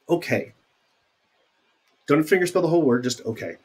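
Male teacher, casual lecture read; husky tone, very animated pitch, conversational with asides. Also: normal speed, pauses often. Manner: chatty, explains with asides and fillers. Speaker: sign language teacher. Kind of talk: recorded video lecture.

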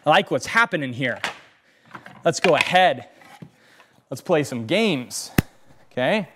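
A man leads a hands-on bonsai display lesson in an animated, conversational way. He repeats himself for emphasis and keeps asking his viewers "right?" His voice sits slightly high for a man. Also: slow, noisy background. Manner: animated, repeats phrases, checks in with "okay?" and "right?". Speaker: bonsai instructor. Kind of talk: hands-on demonstration talk.

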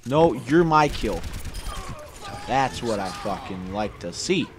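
Young guy yelling and cursing at a shooter game, lively swingy voice, noisy mic. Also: medium pitch, takes it slowly. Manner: loud, swearing, frustrated outbursts. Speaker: gaming YouTuber. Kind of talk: profane gameplay commentary.

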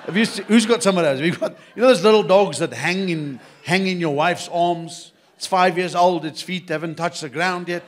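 A South African man doing live stand-up comedy, talking in punchy lines and quick asides to the audience. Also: high-pitched, a little hiss or hum. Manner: punchy, conspiratorial asides to the crowd, mock accents.

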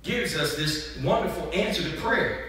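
A man preaching a sermon as pastor, moving from conversational talk to passionate shouting and asking the congregation questions. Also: fairly high pitch, normal speed, a little hiss or hum. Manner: animated, rhetorical questions to congregation. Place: church sanctuary. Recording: echoey church hall from far off.

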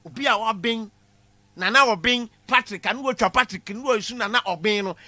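A man giving a comic classroom lecture, animated, shouting punchlines and laughing at his own jokes. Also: high-pitched, fast, dry recording. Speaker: comedy lecturer.

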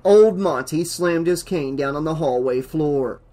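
A man's voice: a little high, a little slow, dark tone, faint music behind. A man reading a horror novel aloud as an audiobook narrator, with dramatic emphasis.

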